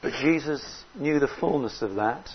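A man preaching a sermon in an earnest way, rising loud on key words and dropping low between them. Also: animated, measured pace, dull audio, slight background noise.

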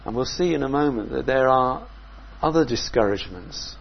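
A man preaching a sermon in a measured, reflective way, often asking his listeners questions. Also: medium pitch, lively intonation, vocal fry, highs cut off.

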